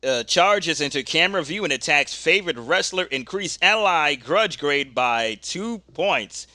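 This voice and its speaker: A man's voice: on the high side, unhurried, no room sound, clean studio sound. A man casually narrating a tabletop wrestling dice game, reading out rolls and calling the action. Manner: casual, reads dice results aloud, gets excited during the action. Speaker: game host.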